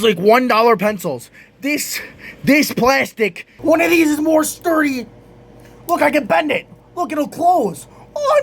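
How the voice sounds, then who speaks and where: A young man, a student vlogger, ranting to the camera in exasperation, swearing constantly and breaking into shouts. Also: very high voice, gravelly. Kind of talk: profane rant to camera.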